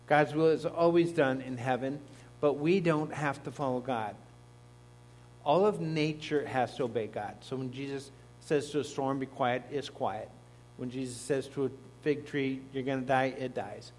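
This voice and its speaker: A man's voice: mid-range voice, moderate pace, darkish tone, a little hiss or hum. A man, a pastor, preaching a sermon in a conversational teaching manner, with asides to the congregation. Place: church.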